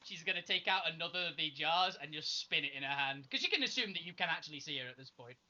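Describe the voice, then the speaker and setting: Lively, bright woman player, giggly, muffled recording. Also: sits low, fast talker. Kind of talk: casual tabletop play. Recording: dull lo-fi sound.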